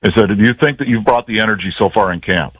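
Chatty sportscaster on a dull line. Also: male voice, fairly low pitch, fast, a bit bright, no echo. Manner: chatty storyteller, self-deprecating. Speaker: play-by-play announcer, guest. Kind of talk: casual radio chat.

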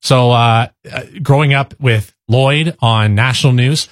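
A man from Ontario who reads the news on radio, talking casually and haltingly, with many restarts. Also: mid-range voice, no echo, studio quality. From Ontario, Canada. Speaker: radio newsreader. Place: radio studio. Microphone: studio mic.

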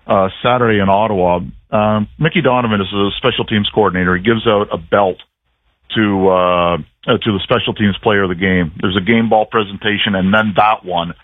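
A man's voice: on the low side, no echo. A man on a narrow, tinny phone line tells stories in a chatty, self-deprecating way. He is a broadcaster calling in to a radio talk show. The sound is dry and close. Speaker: play-by-play broadcaster, phone-in guest. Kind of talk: casual radio phone interview.

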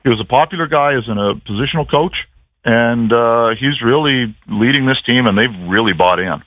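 A man, a sports broadcaster calling in as a guest on a radio show, telling stories in a chatty, animated, self-mocking way. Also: mid-range voice, normal speed, dry recording. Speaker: play-by-play broadcaster, phone guest. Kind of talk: casual radio interview. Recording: tinny phone line.

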